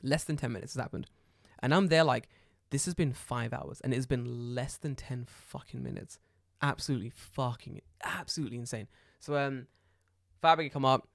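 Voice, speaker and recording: A man, a podcast co-host telling a story in casual chat, animated and profane, acting out the dialogue loudly. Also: mid-range voice, normal speed, creaky, no echo, studio quality.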